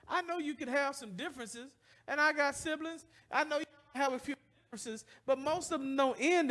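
A male pastor preaching a lively, humorous sermon in a church, asking the congregation to finish his sentences. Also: very high-pitched, moderate pace. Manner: animated, call-and-response, humorous.

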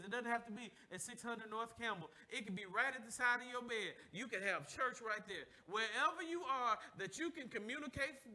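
A man preaching a sermon in call-and-response style, asking the congregation to finish his sentences and acting out lively asides. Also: very high voice. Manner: animated, acts out voices and laughs while preaching. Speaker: pastor.

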